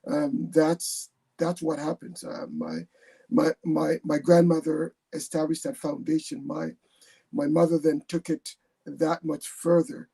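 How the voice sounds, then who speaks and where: A man's voice: on the high side, level tone, unhurried, creaky, warm tone, slightly rough. A man born in England and raised in Jamaica, a guest telling his story on a video call, hesitant and repeating his words. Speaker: guest, retired army captain.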